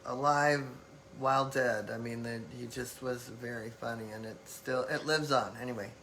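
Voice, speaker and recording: A woman's voice: very deep voice, steady tone, normal speed, fairly bright tone, a little hiss or hum, rough recording. A woman hosting a live-stream talk, speaking reflectively in loose phrasing with many fillers. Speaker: host.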